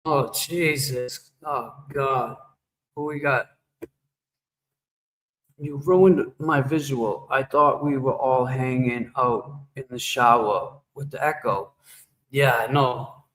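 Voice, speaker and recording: In a casual livestream, a man rambles and jokes as he responds to viewers in the chat. His medium-pitched voice is fairly bright, with fairly even intonation and a slow pace, and it is treated with a shower-like echoey reverb.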